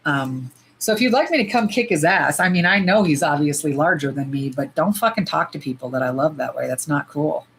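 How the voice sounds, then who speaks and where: A middle-aged woman hosting a casual livestream. She talks bluntly with plenty of swearing and sometimes breaks into loud squeals. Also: sits low, brisk, vocal fry, hardly any pauses, slight background noise, low-quality recording. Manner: blunt, profane and animated, jumping to loud squeals. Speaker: nail polish livestream host. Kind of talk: casual livestream chat while swatching.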